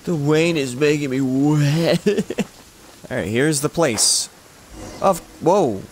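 A man's voice: a little high, expressive, extremely slow, a little hiss or hum. A man hosting a gaming channel, giving playful, jokey let's-play commentary.

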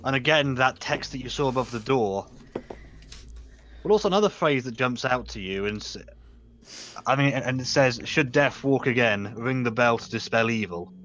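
A man's voice: mid-range voice, moderate pace, fairly bright tone, lo-fi sound. A man narrating a tabletop game as game master, casual and stumbling over restarts as he describes the scene.

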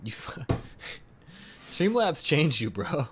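A man's voice: fairly high pitch, very animated, extremely slow, noisy background. A man streaming a game from home, chatting casually, joking, swearing and laughing often. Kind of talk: casual live gaming stream chat. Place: home room.

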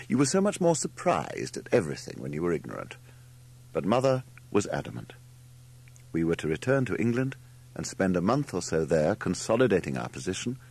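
A man narrating an audiobook in an expressive, lively storytelling manner. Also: lowish voice, breathy edge.

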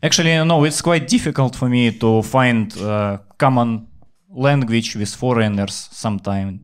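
Ukrainian guy doing standup in english, deadpan and blunt, swears a lot, mid pitch. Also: moderate pace, clean tone. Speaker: stand-up comedian. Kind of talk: stand-up comedy set.

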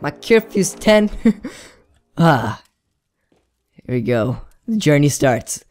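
A man's voice: on the high side, big pitch swings, slow pace, long pauses, a little mellow, faint music behind. A young man chatting casually and rambling through a game playthrough, giggling often. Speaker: gaming YouTuber. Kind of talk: let's play commentary.

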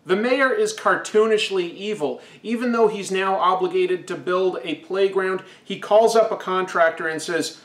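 A man's voice: high-pitched, normal speed, few pauses, fairly bright tone, reverberant. A man giving a sarcastic, comedic recap of an old comic book as host. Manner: sarcastic, wry.

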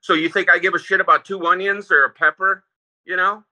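A man, a former prison lieutenant, telling stories in a relaxed interview, rambling with restarts and fillers. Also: high voice, a little fast, poor audio. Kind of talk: casual interview storytelling.

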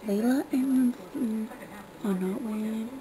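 A woman's voice: a little high, a little slow, crowd noise, rough recording. A woman vlogger delivering a casual, indignant and sarcastic rant to the camera.

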